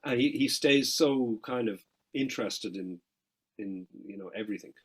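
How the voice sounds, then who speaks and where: A middle-aged Irish man, a guest musician in an interview, telling lively anecdotes with quick asides and casual swearing. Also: mid-range voice, crowd noise, poor audio.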